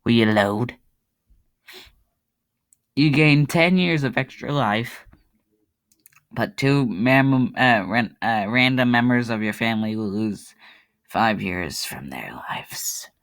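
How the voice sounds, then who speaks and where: A man's voice: mid-range voice, slow pace, long pauses, a bit bright, clean tone. A man giving casual commentary on a web game, rambling and mocking himself, often breaking into laughter. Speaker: YouTuber playing a web game.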